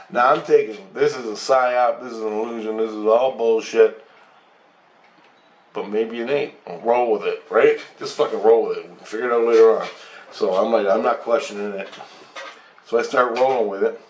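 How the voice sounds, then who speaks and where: A man telling a rambling, profane story in a casual, animated way, acting out what was said. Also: on the low side. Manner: rambling, profane, animated retelling with acted-out quotes. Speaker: channel host. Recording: echoey room with faint noise.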